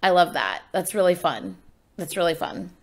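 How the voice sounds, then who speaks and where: A woman's voice: fairly low pitch, sing-song, moderate pace, vocal fry, very noisy. A woman doing casual, enthusiastic reaction commentary on music for her channel. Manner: chatty and enthusiastic.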